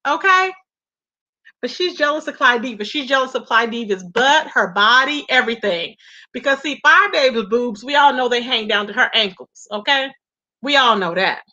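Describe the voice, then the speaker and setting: On lo-fi sound, a livestream commentary host talks through online drama in a lively, high-leaning voice that's pushed and bright, moving at an ordinary pace. She keeps the gossip casual, welcoming viewers by name and addressing them as "y'all" and "baby."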